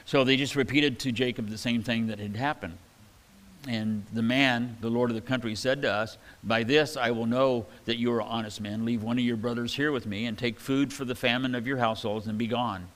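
A man preaching a sermon in a relaxed, conversational way, reading scripture aloud and adding casual asides. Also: medium pitch, fairly quick. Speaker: pastor. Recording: hall reverb.

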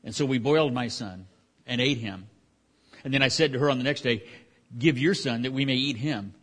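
A man's voice: mid-range voice, a little fast, fairly bright tone, natural voice. A desperate starving woman pleading before a king, as a preacher reads her lines. The voice stays close to an ordinary man's, told rather than acted. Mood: distraught. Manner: retelling in a plain storytelling voice.

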